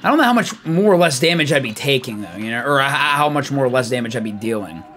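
A young man giving lively live commentary on his game, chatty and hyped, greeting viewers by name. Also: mid-range voice, quick pace, soft background music. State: out of breath. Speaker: streamer.

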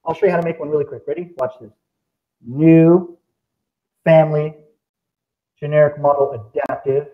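Brief: upbeat male presenter, fairly high voice, exclamatory and animated, dull lo-fi room recording. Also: normal speed, pauses often. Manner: excitable, exclamatory, full of sound effects. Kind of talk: live software demo talk.

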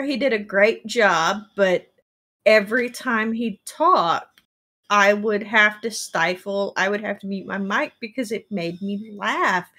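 A woman's voice: mid-range voice, sharp tone. A woman with a light Texan Southern accent, hosting a casual chat and telling stories with wry humor and laughter. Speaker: host.

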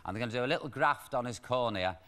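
A man in his fifties with a Liverpool accent, hosting a chat show and camping it up with quick asides and jokes at his own expense. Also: medium pitch. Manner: camp, quick asides, laughing at himself. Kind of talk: camp comic chat to a studio audience. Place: TV studio with live audience. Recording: studio noise with a loud audience.

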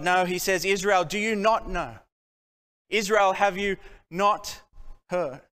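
High-voiced man preaching in a church hall. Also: a bit bright, clean tone. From Australia. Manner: earnest, rhetorical questions, rising emphasis. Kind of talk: sermon. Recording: church hall with long reverb.

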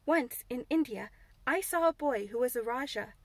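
A woman's voice: high-pitched, expressive, normal speed, dry recording. A woman voicing a blunt, curious little girl who tells things earnestly and eagerly. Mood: telling.

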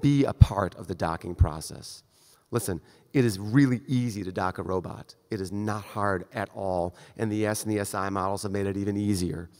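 This surgeon's voice is fairly low and a little mellow, paced moderately, as he lectures at a conference in a direct, conversational way. He acts out brief exchanges, and the lecture hall adds a long reverb.

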